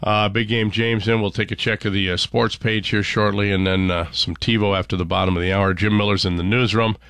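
A man's voice: fairly low pitch, fairly even intonation, fairly quick, a bit bright, clear, resonant tone, no echo. A man hosting a morning radio show, chatting casually, joking and reading station promos and headlines.

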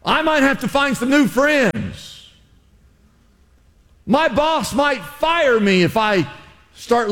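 A man's voice: very high voice, fairly bright tone, long reverb tail. A male pastor preaching a sermon in a church, with impassioned exhortations and lots of repetition.

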